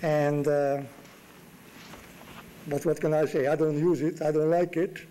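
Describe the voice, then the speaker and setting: A man's voice: fairly high pitch, little pitch movement, measured pace, warm tone, a little hiss or hum, poor audio. A man giving a classroom lecture as guest lecturer in a university lecture room, with dry wit and emphatic rises.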